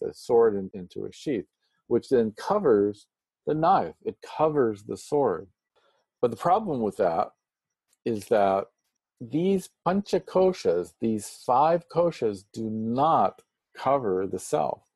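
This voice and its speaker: A man giving a spiritual lecture, explaining Sanskrit terms slowly and deliberately, with touches of playful humor. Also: mid-range voice, mellow, husky, no room sound. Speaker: Vedanta teacher.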